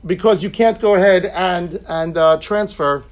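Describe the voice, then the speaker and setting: A man's voice: high voice, unhurried. A man teaching an informal Talmud class, explaining points conversationally with joking asides and frequent restarts.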